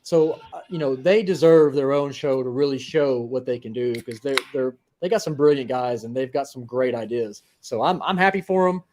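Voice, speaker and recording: A man's voice: mid-range voice, moderate pace, few pauses, noisy background. A man speaking as a guest racer in a casual interview, easygoing and full of "you know.". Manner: easygoing, repeats himself, says "you know" a lot.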